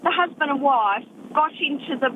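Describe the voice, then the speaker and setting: Woman, radio caller, animated storyteller, high voice. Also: moderate pace, phone-quality sound, slight background noise. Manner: animated storyteller, many "you know"s. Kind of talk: telling a story on air.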